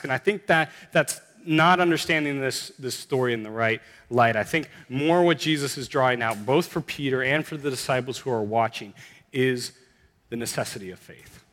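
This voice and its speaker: A man's voice: medium pitch, expressive, moderate pace, a bit bright. Earnest preaching man in reverberant hall. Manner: earnest, builds to emphatic exclamations. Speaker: pastor. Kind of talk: sermon.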